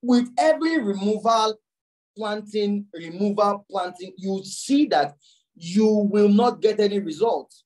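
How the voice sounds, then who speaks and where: A male pastor giving a teaching sermon. He repeats words as he explains and reads scripture aloud slowly, raising his voice. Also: animated, a little mellow, rough recording. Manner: repeats words while explaining, with sudden jumps in pitch.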